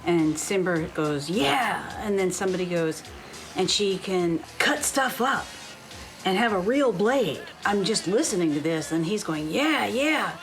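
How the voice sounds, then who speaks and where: A woman's voice: on the low side, measured pace, soft background music. An older woman interviewed for a documentary, telling candid stories about the past. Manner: candid, storytelling.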